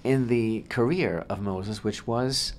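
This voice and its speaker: A man's voice: mid-range voice, slow pace. A man co-hosting a Torah discussion on talk radio, speaking expansively and emphatically and often repeating his phrases. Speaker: rabbi co-host.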